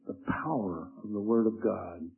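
Older man, gravelly, tinny phone-like sound. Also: lowish voice. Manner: earnest, measured storytelling. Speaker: preacher giving his testimony. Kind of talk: spoken testimony.

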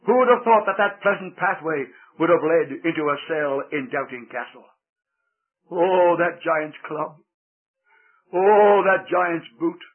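A timid male pilgrim pleads and stammers, as a man puts him on. The voice is husky and pitched a little high, and it comes through a thin, tinny radio sound. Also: animated, measured pace. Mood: lamenting. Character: meek frightened male pilgrim. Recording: tinny old radio broadcast.

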